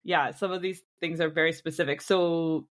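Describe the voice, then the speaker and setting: A young woman with an Inland North accent explains things at an even pace, laying out points one after another. Her voice is a little low for a woman. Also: normal speed. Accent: Inland North American. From Rochester, New York. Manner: explanatory, steady, lists things out. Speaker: podcast co-host. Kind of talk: casual chat.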